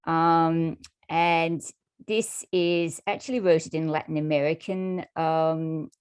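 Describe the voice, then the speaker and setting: Low-voiced woman giving a hesitant talk. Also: fairly even intonation, slow, clear, resonant tone. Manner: casual, hesitant, laughs lightly, many ums. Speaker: guest speaker. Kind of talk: presentation with slides.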